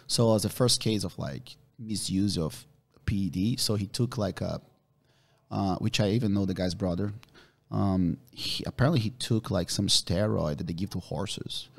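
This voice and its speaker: A man, a podcast guest, telling animated stories with free swearing. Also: deep voice, normal speed, gravelly. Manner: animated, swears freely, relives the moment. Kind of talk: casual storytelling.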